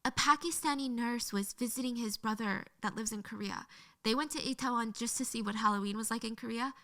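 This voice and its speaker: Woman, higher pitch, bright tone, earnest storytelling narration. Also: brisk. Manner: earnest, emotional retelling. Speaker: true crime storyteller.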